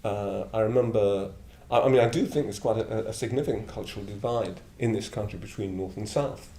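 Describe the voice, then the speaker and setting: Brief: man in his 70s from northern England, lowish voice, blunt and digressive, echoey room. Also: fairly quick, mellow, slight background noise. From Middlesbrough, northern England. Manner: blunt, digressive, chuckling storyteller. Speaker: Buddhist order member. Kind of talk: reflective anecdotal talk. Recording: echoey room with faint ambience.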